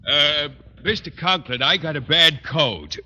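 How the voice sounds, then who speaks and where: A meek fussy biology teacher. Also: male voice, a little high, lively intonation, a little slow, sharp tone, highs cut off, full character voice. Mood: sheepish. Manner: hesitant, fussy, apologetic. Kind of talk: 1940s radio sitcom acting. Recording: hissy old radio broadcast recording.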